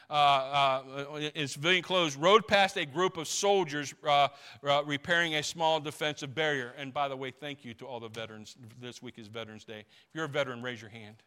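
Bright-voiced male pastor preaching. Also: fairly high pitch. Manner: emphatic, repeats phrases, acts out quotes. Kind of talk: sermon.

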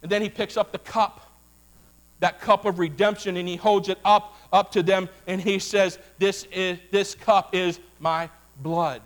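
A man preaching a sermon as a Baptist pastor, animated and folksy, calling out to his congregation. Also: high voice, unhurried.

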